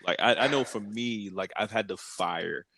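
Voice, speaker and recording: A man co-hosts a casual podcast in a laid-back, rambling way, full of fillers. His voice is very low and gravelly, with plenty of vocal fry. He digs in stubbornly when he argues a point. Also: normal speed, sharp tone, no echo. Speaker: podcast co-host. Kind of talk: casual chat.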